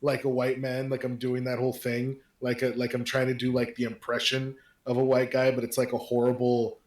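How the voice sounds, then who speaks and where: A man's voice: medium pitch, monotone, brisk, darkish tone, reverberant. A man playing a tabletop game, talking casually with lots of swearing and rambling fillers. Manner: profane, rambling with many fillers.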